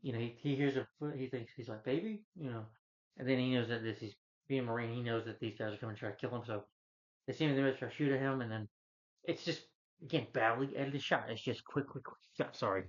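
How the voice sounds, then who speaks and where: A man rants through a film review in casual, rambling fashion, speaking fast in a mid-range voice with fairly even intonation. He retells scenes and performs the characters' lines, and the recording sounds slightly dull and lo-fi.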